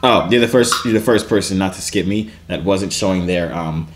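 A man's voice: low voice, brisk, slight background noise. Man in his twenties teasing strangers. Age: 20s. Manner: teasing, deadpan interrogating. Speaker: YouTuber. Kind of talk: joking video chat with strangers.

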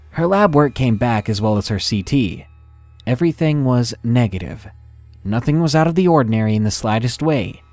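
A man reading a first-person horror story in a measured, dramatic narration style. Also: medium pitch, a little mellow, dry recording.

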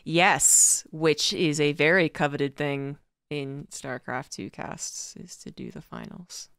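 A woman's voice: sits low, slow pace, fairly bright tone, clear, resonant tone, dry recording, studio quality. A woman esports commentator in casual podcast chat, telling stories playfully and laughing often. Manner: playful storytelling, laughs often, acts out quotes.

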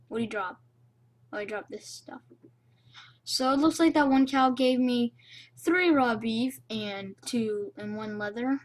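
A young woman casually commenting on her own gameplay, rambling and playful, recorded on a cheap low-quality mic. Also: a little slow. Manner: rambling, playful, self-chatting. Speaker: gamer.

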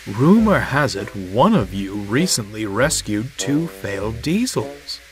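A man voicing a deep, hoarse male engine who is formal, courteous and aloof, speaking slowly. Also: very animated, faint music behind, poor audio. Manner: courtly, polite, slow formal speech.

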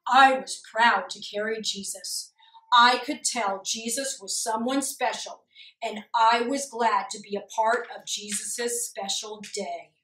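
A woman voicing a friendly, proud male donkey who tells a story slowly to small children and breaks into loud hee-haws. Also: fairly high pitch, fairly even intonation. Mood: cheerful storytelling. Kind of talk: puppet storytelling for preschoolers. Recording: echoey room, mic far off.

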